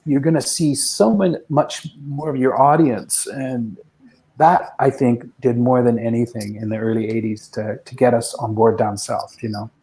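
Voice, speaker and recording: A man in his sixties, a guest musician telling rambling, reflective anecdotes with soft chuckles in a casual interview. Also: medium pitch, steady tone, normal speed, low-quality recording.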